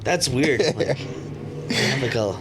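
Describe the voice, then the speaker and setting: A man co-hosting a casual comedy podcast, animated, who jumps into high squeaky voices to act out kids. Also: slow, over music. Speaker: podcast co-host.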